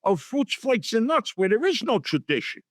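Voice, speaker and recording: Guesting on a storytelling interview, a middle-aged man tells animated tales and performs the voices of those he quotes. He speaks at a moderate pace in a very high-pitched voice, captured in a dry, clean studio recording.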